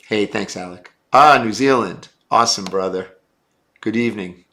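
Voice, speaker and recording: A man's voice: fairly low pitch, normal speed, pushed and bright. A man hosting a casual live stream, answering viewer chat in a blunt, brash and profane way.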